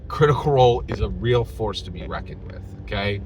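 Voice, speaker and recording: A man's voice: fairly low pitch, a little fast, few pauses, a little mellow, a little hiss or hum, poor audio. Emphatic ranting male game reviewer. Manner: emphatic, repetitive, keeps asking "right?". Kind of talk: opinionated video rant.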